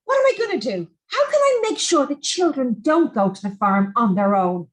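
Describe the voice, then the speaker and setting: A woman's voice: high-pitched, big pitch swings, moderate pace. A woman voicing a stern, protective farmer father in a storybook reading. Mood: fretting.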